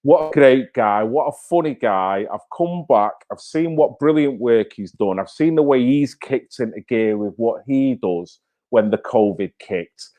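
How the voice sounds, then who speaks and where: Speaking warmly and without hurry, this channel host has a medium-pitched, animated voice. His live-stream commentary is casual but blunt and fired-up, full of curses and rhetorical questions.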